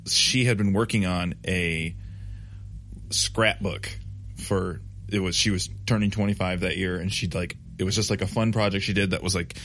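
A man's voice: low voice, steady tone, moderate pace, a bit bright, a little hiss or hum. A man in his thirties telling a loose, profane, rambling story in casual conversation. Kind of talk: casual chat.

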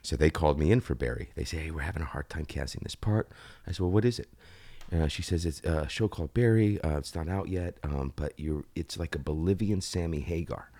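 A man in his fifties from the United States, a guest actor telling animated stories in a casual interview and swearing freely. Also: extremely low pitch, fairly quick. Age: 50s.

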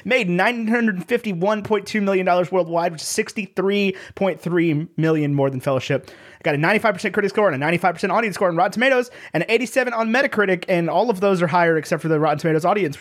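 A young man co-hosts a casual movie-review podcast, his voice sitting noticeably high for a man. He talks in a quick, animated way and breaks into laughter often while reading reviews aloud. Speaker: podcast co-host.

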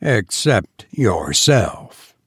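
A suave undertaker talks with unhurried, pleasant menace, as a man reads him. His voice is slow and gravelly. The sound is dry and close. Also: medium pitch, animated, dry recording. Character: suave, sinister male undertaker, calm and polite.

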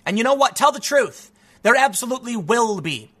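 A man with a high, bright, forceful voice delivering opinionated commentary on the news. He argues emphatically, stumbles into restarts and keeps tossing in "man" as he presses his point. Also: lively intonation, brisk. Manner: emphatic, argumentative, repeats "man", frequent restarts. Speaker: political commentator.

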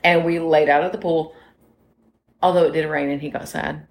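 Her low-pitched voice moves at a moderate pace with fairly even intonation. This forties-aged podcast co-host chats casually, wandering through stories and speaking straight to her audience.

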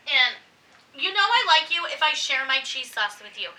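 Loud, bright-voiced woman in her thirties. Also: high-pitched, normal speed, distant mic, rough recording. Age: 30s. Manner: loud, animated, swears and laughs a lot. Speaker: podcast co-host. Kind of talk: casual chat.

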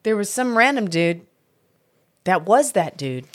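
A woman's voice: mid-range voice, very animated, unhurried. A woman co-hosting a podcast, chatting casually about movies, fumbling for names and laughing at herself.

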